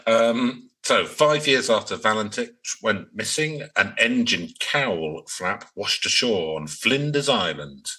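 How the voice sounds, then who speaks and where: A man's voice: lowish voice, lively intonation, slow, few pauses, pushed and bright, husky, low-quality recording. A man co-hosting a podcast, chatting casually and laughing often as he recounts a mystery case. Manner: laughs often while reading out the story. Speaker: podcast co-host.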